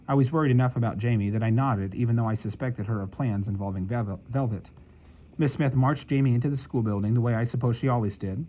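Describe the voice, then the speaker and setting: A man reading a novel aloud as an audiobook narrator, in measured storytelling. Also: mid-range voice, mellow, low-quality recording. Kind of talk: scripted narration.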